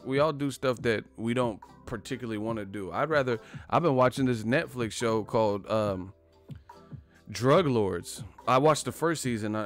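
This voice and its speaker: A man hosting a boxing live stream, chatting casually and profanely, full of fillers and asides. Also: medium pitch. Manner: loose, profane, filler-heavy banter.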